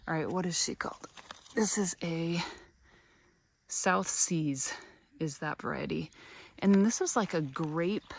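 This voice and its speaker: A woman's voice: on the low side, takes it slowly, gravelly, pauses often, a little hiss or hum. A woman giving a casual, chatty walkthrough of her flower garden, gushing over the blooms and a little tired and out of breath after a long drive. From American Midwest. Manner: chatty, gushing about flowers, many ums. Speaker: garden vlogger. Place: outdoor garden on a summer evening. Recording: faint outdoor ambience with crickets.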